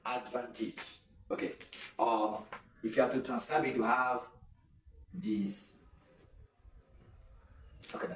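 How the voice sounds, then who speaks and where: A man teaches pronunciation for an exam, repeating each word slowly and filling pauses with hesitant ums. His voice sounds off-mic and roomy, with a faint hiss underneath. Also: mid-range voice, level tone, fairly bright tone, recorded from a distance. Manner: repeats words slowly, with frequent hesitant fillers. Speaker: English teacher. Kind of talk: exam-prep pronunciation lesson.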